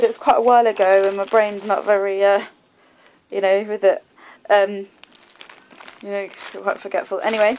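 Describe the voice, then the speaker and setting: A woman's voice: medium pitch, a little mellow, a little hiss or hum, low-quality recording. A young woman in her twenties talks through her haul in a loose, rambling way. She fills her sentences with plenty of ums and likes. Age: 20s. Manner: chatty and rambling, many fillers like um and like. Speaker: vlogger. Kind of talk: casual haul video.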